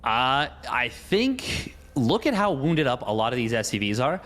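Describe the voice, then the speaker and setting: A man's voice: mid-range voice, sing-song, unhurried, fairly bright tone. A man casting a live esports match, joking around and thinking aloud as he talks. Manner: playful, jokey, rambling. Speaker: esports caster.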